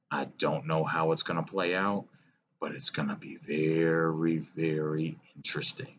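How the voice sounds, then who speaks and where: A man giving a solo opinion monologue, earnest and lecturing, pausing and sighing as he talks. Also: rumbling low, flat delivery, a bit bright, dull audio, a little hiss or hum. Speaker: political commentator.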